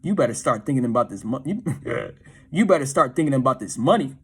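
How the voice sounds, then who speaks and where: A man's voice: mid-range voice, animated, brisk, breathy edge. A man talking casually about dating in a profane, slangy, often laughing monologue. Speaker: dating advice commentator.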